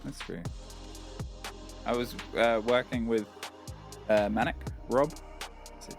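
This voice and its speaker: British man, esports analyst, dry wit, mid pitch, headset mic, faint music. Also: steady tone, slow pace. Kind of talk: broadcast analysis and banter.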